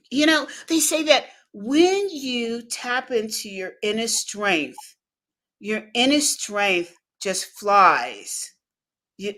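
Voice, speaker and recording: A woman guest in an interview, telling personal stories and acting out the dialogue in them. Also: mid-range voice. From United States. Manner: animated storyteller acting out dialogue, laughing. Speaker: guest speaker. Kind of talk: interview storytelling.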